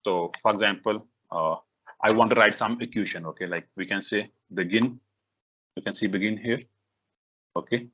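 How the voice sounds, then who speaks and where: Man, low voice, bright forceful tone, live software tutorial, halting with many fillers, dull lo-fi recording. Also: breathy edge. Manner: halting, many fillers and restarts, repeats "okay". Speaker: workshop instructor.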